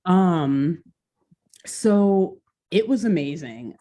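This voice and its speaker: A woman co-hosting a podcast, telling a story in a casual, animated way with lots of "like.". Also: fairly low pitch, very slow. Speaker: podcast co-host.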